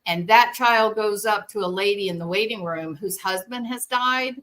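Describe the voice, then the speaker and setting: Woman, therapist-host type, earnest and lively monologue, bright and forward tone. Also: medium pitch, moderate pace. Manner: earnest, animated storytelling with quoted voices. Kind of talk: conversational monologue.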